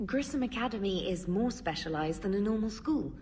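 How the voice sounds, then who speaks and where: An actress playing a brisk, helpful female communications officer on a starship in a video game, heard from a distance. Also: mid-range voice, expressive, a crowd in the background, natural voice. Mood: briefing.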